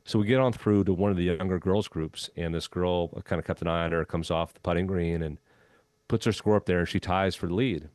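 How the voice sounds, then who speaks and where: Low-voiced man telling a story. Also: brisk, no echo. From Minnesota. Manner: relaxed anecdotal storytelling with frequent "um" and "you know". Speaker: podcast guest, former golf club head pro. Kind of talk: storytelling in a conversational interview.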